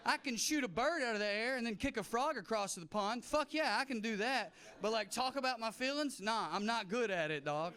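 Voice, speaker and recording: A man's voice: very high-pitched, brisk, hardly any pauses, smooth. A man in his thirties with a Southern US accent doing a brash, punchy stand-up comedy set on stage. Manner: brash, punchy, mock-shouting crowd work. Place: comedy stage before a live audience.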